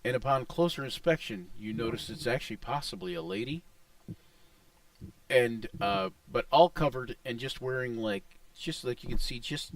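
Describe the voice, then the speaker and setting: A man's voice: mid-range voice, normal speed, no room sound, distant mic, low-quality recording. A man narrating as game master of a tabletop game, describing scenes in a hesitant way with many restarts.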